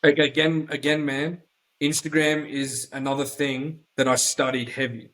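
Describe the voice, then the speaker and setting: A man's voice: medium pitch, little pitch movement, moderate pace, fairly bright tone, low-quality recording. A man with an Australian accent, a podcast guest talking bluntly and rambling, with plenty of swearing, in a casual chat. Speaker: podcast guest, offroad YouTuber.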